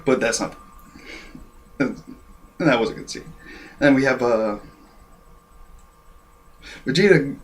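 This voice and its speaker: A man giving a casual, rambling review of an anime episode and clearing his throat often. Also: mid-range voice, lively intonation, slow pace, pauses often.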